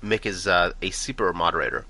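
Bright, lively-voiced male co-host. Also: low voice, fairly quick. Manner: playful teasing, bursts of laughter. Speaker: podcast co-host. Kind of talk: casual chat.

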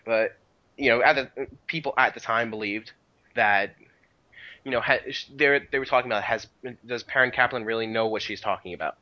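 A man's voice: medium pitch, fairly quick, muffled recording. A man co-hosting a casual podcast about video game history, rambling with many restarts and "you know" fillers. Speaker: podcast co-host.

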